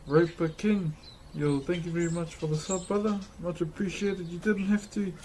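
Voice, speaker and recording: A man's voice: high-pitched, fairly even intonation, normal speed, a little mellow, slight background noise. A New Zealand man livestreaming as he carves wood, chatting casually with viewers, swearing often and thanking them as brother. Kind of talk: casual chat to stream viewers.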